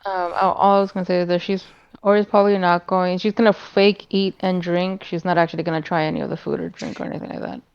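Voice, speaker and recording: A woman playing a tabletop game, explaining her plans quickly and breezily. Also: fairly low pitch, level tone, clean tone, muffled recording. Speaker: player. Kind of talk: casual chat while playing.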